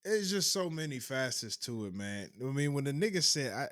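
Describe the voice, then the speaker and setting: A man's voice: medium pitch, very animated, fairly quick, fairly bright tone. A young adult man co-hosting a podcast, talking in a laid-back way with plenty of fillers. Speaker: podcast co-host. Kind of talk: casual chat.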